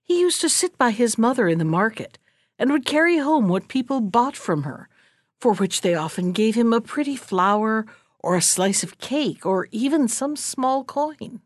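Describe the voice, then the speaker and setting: A woman reading a fairy tale aloud in an expressive, unhurried storytelling manner. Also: fairly high pitch, no echo, clean studio sound.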